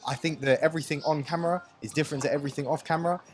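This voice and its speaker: A man's voice: fairly high pitch, fairly even intonation, racing. A young man co-hosting a casual podcast chat, rambling and repeating words in an upbeat way. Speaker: podcast co-host.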